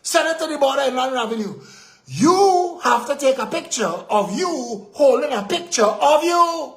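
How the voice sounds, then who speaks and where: A man with a Trinidadian accent hosting a live political talk show, ranting with indignation, firing off rhetorical questions and sometimes shouting. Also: very high-pitched, lively intonation, moderate pace, echoey room.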